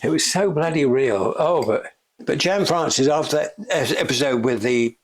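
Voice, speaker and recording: An older man recounts backstage stories in a relaxed chat, often breaking into laughter and playing out the voices he quotes. His voice is husky and breathy, and his pitch swings widely from phrase to phrase. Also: normal speed. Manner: chatty, laughs often, acts out quoted lines. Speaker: interviewee, special effects veteran. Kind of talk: casual anecdotal storytelling. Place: shop.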